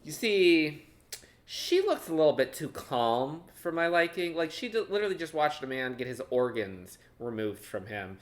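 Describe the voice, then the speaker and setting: Animated young man reacting to a show. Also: on the high side, moderate pace, slight background noise. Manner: animated, swears, thinks aloud. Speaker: reaction video host. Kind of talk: casual reaction commentary.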